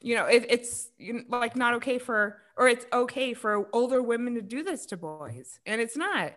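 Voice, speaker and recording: A woman co-hosting a casual podcast chat as a breakup coach, animated and blunt, swearing freely and laughing often. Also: on the high side, moderate pace.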